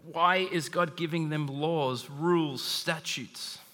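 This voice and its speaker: A man preaching a sermon with a high, bright and forceful voice. He talks in an animated way and acts out quick voices for the people he quotes. His voice rings out with a long hall reverb. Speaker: pastor.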